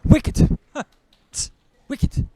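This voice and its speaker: A man's voice: very slow, warm tone, no room sound. A man voicing a dismissive, sneering male doctor in a stand-up routine. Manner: sneering, scornful.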